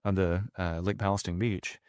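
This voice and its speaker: A man's voice: low-pitched, little pitch movement, normal speed, a little mellow, clear, resonant tone, no room sound, studio quality. A man telling a long personal story in casual chat, with many restarts and fillers. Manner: rambling, frequent restarts and fillers.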